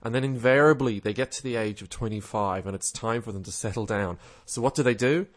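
A man's voice: medium pitch, fairly quick. A man, co-hosting a casual chat and telling stories, hesitant with many fillers. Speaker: podcast co-host.

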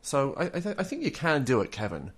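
A man's voice: mid-range voice, huge pitch swings, fast talker, husky. A man co-hosting a podcast in casual chat, rambling with many fillers and restarts. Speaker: podcast co-host.

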